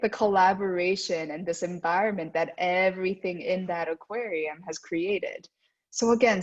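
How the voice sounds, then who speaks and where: A woman giving a presentation to parents as a guest speaker at a school. She often checks in with "right?" and acts out the voices she quotes. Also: mid-range voice. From United States. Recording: dull lo-fi sound.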